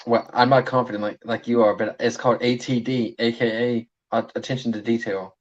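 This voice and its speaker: A man's voice: medium pitch, steady tone, brisk. A man chatting as a livestream guest, modest and joking, stumbling over words now and then, over dull lo-fi call audio. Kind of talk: casual livestream chat.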